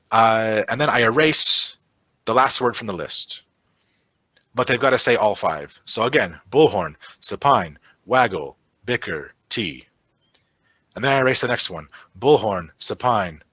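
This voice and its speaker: A man's voice: fairly low pitch, sharp tone, no echo. A man running an online teacher-training webinar, chatty, with many fillers and tag "right?" checks. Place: online video session.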